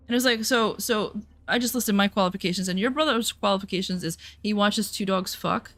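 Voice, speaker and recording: A woman's voice: mid-range voice, fairly even intonation, fairly quick, fairly bright tone, dry recording. A young adult woman streaming and telling a story in casual chat, sarcastic and profane, over faint music. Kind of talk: casual chat while gaming.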